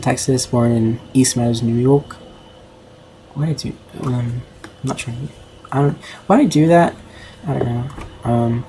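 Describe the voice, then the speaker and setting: A man's voice: mid-range voice, creaky, mellow, a little hiss or hum, low-quality recording. A young man streaming casually, rambling and self-conscious with lots of filler words. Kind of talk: casual livestream commentary.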